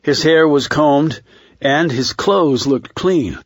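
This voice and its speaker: A man narrating a thriller audiobook in a measured, steady reading. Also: on the high side, dry recording.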